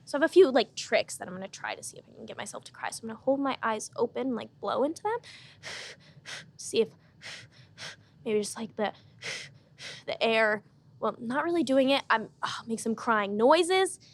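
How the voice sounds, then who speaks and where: High, lively young woman hosting. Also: normal speed. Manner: deadpan mock-earnest, playful. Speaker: podcast host. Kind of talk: casual comedic podcast chat.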